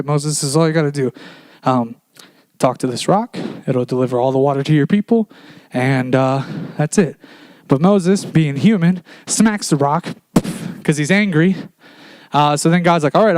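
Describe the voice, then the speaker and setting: Casual man preaching, crisp and dry. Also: on the high side, a little mellow, dry recording. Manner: casual storytelling, retells scripture in slangy paraphrase. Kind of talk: casual sermon. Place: church.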